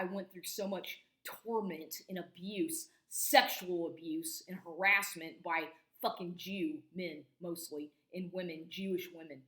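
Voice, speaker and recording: In an echoey room, a woman in her forties delivers an agitated monologue to camera, swearing constantly and stumbling over restarts. Her voice is lowish but fairly bright in tone.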